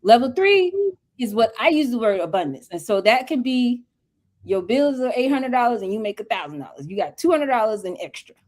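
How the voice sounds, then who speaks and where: Emphatic high-voiced woman on a video call. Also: big pitch swings, brisk, a little mellow. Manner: emphatic, preachy, colloquial. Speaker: guest mentor and entrepreneur. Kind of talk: livestream interview talk.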